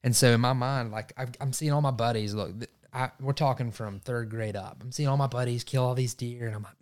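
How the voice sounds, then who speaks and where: A man's voice: mid-range voice, brisk, hardly any pauses. A young man, telling a hunting story on a podcast and acting out his own thoughts. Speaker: podcast host. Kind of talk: casual storytelling.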